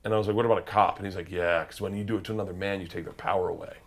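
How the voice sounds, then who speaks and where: A middle-aged comedian telling wild stories as a guest, swearing freely and acting out the other people's voices, sometimes shouting. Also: male voice, low-pitched, steady tone, very fast. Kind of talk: animated storytelling.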